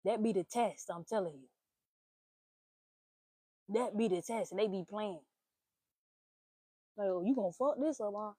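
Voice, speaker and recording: A young woman hosting a casual talk stream, giving blunt, profane relationship advice in an animated rant. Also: medium pitch, a little slow, pauses often, husky, no room sound. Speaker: host.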